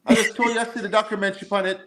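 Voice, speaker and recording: A man's voice: high voice, flat delivery, very fast, noisy background. A man in a casual live-stream chat, arguing his point insistently with jokes. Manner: insistent, joking argument.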